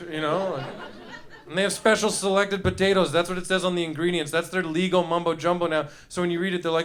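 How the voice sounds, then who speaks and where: A man's voice: high voice, a little fast, sharp tone. A man doing live stand-up in a comedy club, rambling and riffing with the crowd, acting out little voices in his bits. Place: comedy club stage before a laughing crowd.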